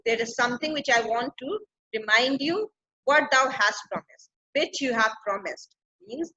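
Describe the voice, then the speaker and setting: A woman's voice: sits high, sharp tone. A woman, teaching a play by reading each line and paraphrasing it plainly. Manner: reads the old verse, then paraphrases it in plain words. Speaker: English literature teacher. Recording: dull lo-fi recording.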